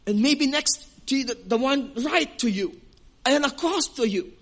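Filipino male pastor, high voice, earnest sermon delivery with halting repeats. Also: animated. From Western Visayas, Philippines. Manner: earnest, repeats words while searching for phrasing.

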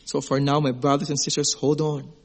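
A middle-aged man preaching a sermon in an earnest, emotional way, at times hushed and at times high and excited. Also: brisk. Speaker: pastor.

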